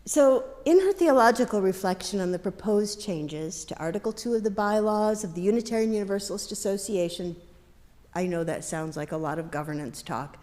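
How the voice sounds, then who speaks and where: A woman minister giving a sermon in a conversational way, with light asides and gentle humor. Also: mid-range voice, lively intonation, a little fast. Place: congregation's worship hall. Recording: long reverb of a large hall.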